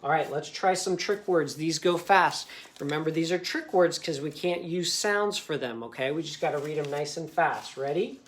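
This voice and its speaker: A man teaching a recorded phonics lesson for young students. He sounds out letters and words carefully and keeps checking in with a patient "okay?". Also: fairly high pitch. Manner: slow, patient, ends most sentences with a checking "okay?".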